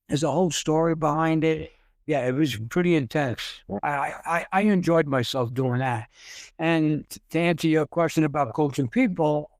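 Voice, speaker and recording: Man, guest coach, casual storytelling, stammers and repeats, higher voice, dry sound. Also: darkish tone, no room sound. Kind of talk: casual interview chat.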